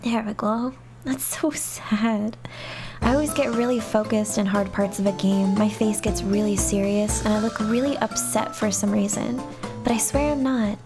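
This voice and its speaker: A young adult woman gaming streamer giving chatty let's play commentary, talking softly to herself with excited squeals. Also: mid-range voice, moderate pace, music in the background.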